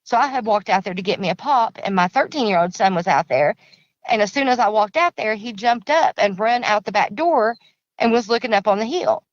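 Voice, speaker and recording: A woman's voice: mid-range voice, lively intonation, brisk, no echo, dull audio. A middle-aged woman, a guest casually telling a long story, rambling and repeating herself in plain country grammar. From Kentucky. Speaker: guest recounting an encounter.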